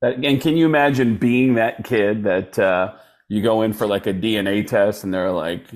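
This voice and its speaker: A man's voice: lowish voice, normal speed. A man appearing as a comedian guest on a podcast, making joking asides in casual chat.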